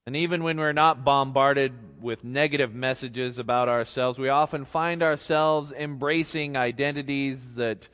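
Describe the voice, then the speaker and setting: A man preaching a sermon, speaking gently and reflectively as a pastor. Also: mid-range voice, fairly even intonation, measured pace, few pauses. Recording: long reverb of a large hall.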